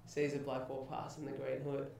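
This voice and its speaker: A man's voice: mid-range voice, monotone, moderate pace, vocal fry, a little mellow, slight background noise. A young man hosting a podcast, telling a story in casual chat and swearing freely. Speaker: podcast host. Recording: roomy echo, mic at a distance.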